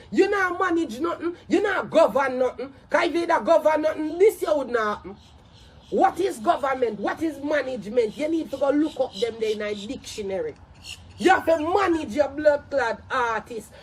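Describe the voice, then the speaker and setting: High-pitched Jamaican woman ranting, loud scolding commentary, profane, shouts often. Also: a little hiss or hum.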